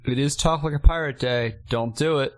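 A man's voice: medium pitch, normal speed, no room sound. A man playing a tabletop game, bantering and joking with the table. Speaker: player. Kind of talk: casual tabletop play.

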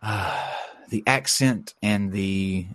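A man's voice: lowish voice, very slow, fairly bright tone, dry recording. A man with a stuffy cold hosting a podcast in casual chat, rambling with lots of fillers and restarts. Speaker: podcast host.

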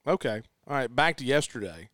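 Casting: mid-pitched male sports host, emphatic and chatty, dry studio mic. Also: lively intonation, fairly quick, fairly bright tone, no echo. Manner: emphatic, repeats "let me tell you". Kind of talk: casual sports chat.

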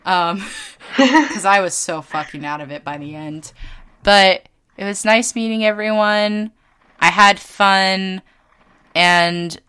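A young adult woman hosting a podcast, telling convention stories in casual chat, animated, swearing freely and laughing often. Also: mid-range voice, clear, resonant tone. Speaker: podcast host and convention artist.

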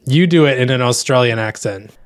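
A man co-hosting a casual podcast, flustered and quick to laugh. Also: medium pitch. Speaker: podcast co-host. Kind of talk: casual chat.

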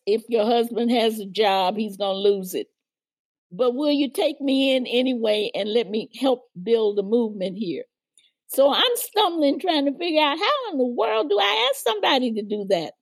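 This older woman's voice is a little high, with lively intonation and an unhurried pace, captured in a dry recording. As the guest in a storytelling interview, the former civil rights organizer vividly tells of her past and acts out the people she quotes.

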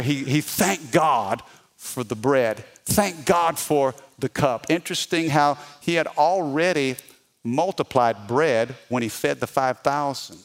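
A man preaching a sermon as pastor, talking in an animated, conversational way and often repeating his words. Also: mid-range voice.

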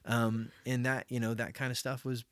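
A man co-hosting a podcast in easy, rambling chat. He talks at an average pitch, full of fillers and restarts, and acts out the people he quotes. The sound is close and dry. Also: flat delivery, moderate pace, a bit bright, no echo. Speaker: podcast co-host. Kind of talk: casual chat.

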